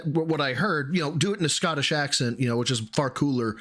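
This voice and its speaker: Animated man streamer, pitch flying up. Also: a little fast, few pauses. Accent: Midwestern American. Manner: animated, swearing, exasperated, voice jumping high. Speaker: streamer reacting to a clip. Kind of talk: casual live-stream commentary.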